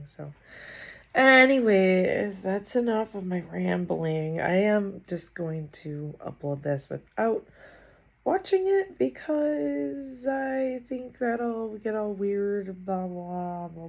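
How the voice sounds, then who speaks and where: Woman vlogger, one-take update, low gravelly voice, halting and tired. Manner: rambling, halting, self-deprecating. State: tired and muttering.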